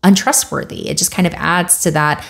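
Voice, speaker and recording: A woman's voice: on the low side, fairly even intonation, normal speed, creaky, a bit bright. A woman talking casually to camera in a commentary vlog, conversational and wry, with many fillers. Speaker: video creator.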